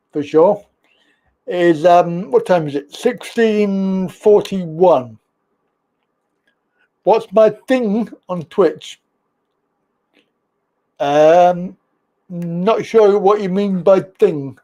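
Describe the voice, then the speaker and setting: A man's voice: high-pitched, dark tone. A man hosting a casual live-stream talk show, chatting loosely and greeting viewers from the chat as he reads their comments.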